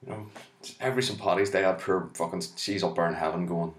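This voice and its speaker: A man with an Irish accent doing a rambling, profane stand-up monologue in a deadpan manner. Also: deep voice, fast talker. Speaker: comedian. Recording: echoey room.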